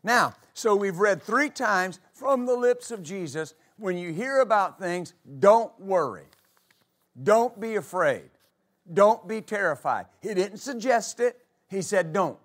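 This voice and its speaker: Male pastor, high voice, preaching a church sermon with rhetorical questions. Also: lively intonation, takes it slowly, a bit bright. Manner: preaching with rhetorical questions, reading scripture aloud.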